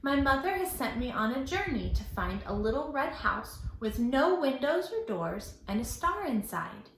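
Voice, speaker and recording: A woman's voice: high-pitched, sing-song, moderate pace, fairly bright tone, roomy sound, a little hiss or hum, voice pushed up. Woman doing a polite, bored little boy. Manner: earnest, asking politely.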